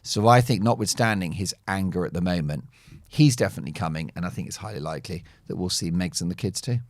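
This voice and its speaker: A man's voice: sits low, fast, no echo, clean studio sound. A man commenting as a talk show guest, wry and playful with self-mocking jokes. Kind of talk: opinionated talk show chat.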